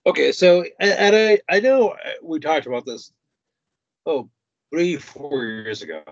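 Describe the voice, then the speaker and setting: A man appearing as a guest on a talk show, explaining slowly and hesitantly with frequent fillers and restarts. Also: fairly high pitch, lively intonation, no room sound. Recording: dry dull lo-fi sound.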